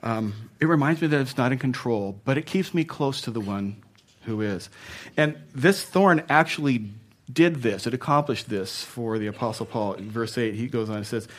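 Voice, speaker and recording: A man preaching a sermon as pastor, talking conversationally and chuckling at his own asides, moving between loud emphasis and soft, hushed passages. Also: medium pitch, moderate pace.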